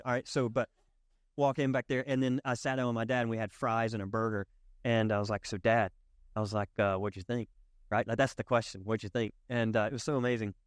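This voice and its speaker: A man's voice: medium pitch, no echo, clean studio sound. A middle-aged man preaching as a pastor, telling stories in a loose, conversational way and turning to the congregation with asides. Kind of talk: sermon. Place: church sanctuary.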